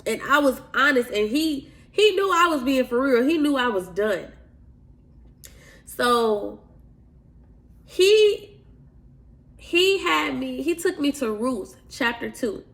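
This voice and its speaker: A woman tells a personal faith story in an earnest, confiding way. She talks straight to her listeners. Her voice sits a little high. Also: big pitch swings, takes it slowly, pauses often, fairly bright tone. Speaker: podcast host. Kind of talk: faith testimony monologue.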